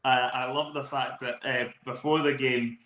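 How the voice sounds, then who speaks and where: A man's voice: mid-range voice, level tone, normal speed, pushed and bright. A man with a Scottish accent co-hosting a football podcast, giving long, enthusiastic match analysis. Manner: talkative, enthusiastic, long flowing takes. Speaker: podcast co-host. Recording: roomy echo.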